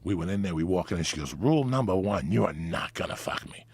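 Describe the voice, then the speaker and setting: Gravelly deep-voiced New man. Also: lively intonation, quick pace, background noise. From New Jersey. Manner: crude, rambling anecdotes with vivid asides. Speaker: guest comedian. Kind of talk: profane storytelling.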